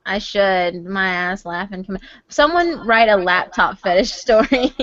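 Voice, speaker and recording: A woman's voice: mid-range voice, unhurried, a bit bright, no echo. A woman hosting a voice-chat story night, talking casually, laughing helplessly and swearing freely. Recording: dull, lo-fi stream audio.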